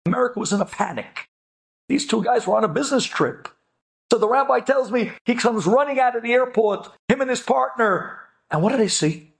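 High, lively storytelling man. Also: fairly quick, vocal fry. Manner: animated, acts out every voice. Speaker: speaker telling an inspirational story. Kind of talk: storytelling talk.

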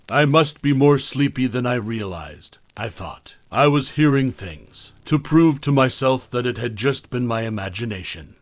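A man reading a first-person horror story aloud in a measured, low-key way.

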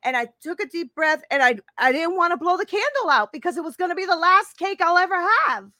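A woman's voice: very high voice, animated, a little fast, bright, forceful tone, dry recording. A woman in her fifties, a life coach talking casually to a live-stream audience, emphatic and repeating her phrases, often checking in with "right?". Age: 50s.

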